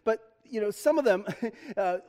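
A middle-aged man with a notably high voice delivers a loose, conversational sermon in a church. He jokes with his listeners and laughs often as he talks. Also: expressive, measured pace, darkish tone. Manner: chatty and joking, laughing often. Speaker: pastor.

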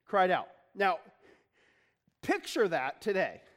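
A man's voice: high-pitched, wildly swooping pitch, slow pace, fairly bright tone. A man preaching a casual, conversational sermon, chuckling often and wandering into folksy asides. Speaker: pastor.

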